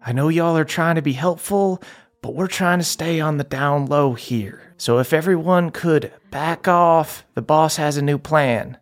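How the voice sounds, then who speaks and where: A man's voice: on the high side, a little slow, soft background music, voice pushed up, natural voice. A man voicing a powerful male city boss with a Southern accent, brusque and bossy. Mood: commanding.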